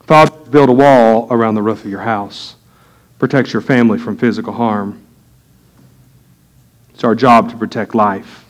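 A middle-aged man, a pastor preaching a sermon to his congregation in a folksy storytelling way. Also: fairly low pitch.

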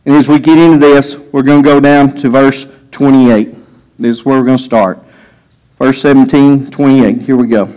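A man's voice: mid-range voice, moderate pace, mellow, rough recording. A man preaching a sermon, telling a scripture story and acting out the voices with rising emphasis. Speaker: pastor.

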